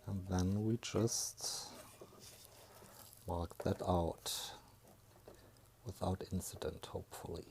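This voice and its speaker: A man with a deep, low voice talks slowly as he works through a repair at his bench, thinking aloud. He hesitates often and trails off into fillers, and a faint hiss sits under his voice. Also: fairly even intonation, vocal fry, darkish tone. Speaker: electronics hobbyist. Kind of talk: workshop voice-over talk.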